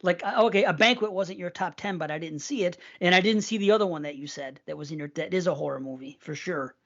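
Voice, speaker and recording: A man's voice: sits high, quick pace, a bit bright, muffled recording. A man co-hosting a horror podcast, talking in a blunt, joking, profane way. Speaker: podcast co-host. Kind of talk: casual chat.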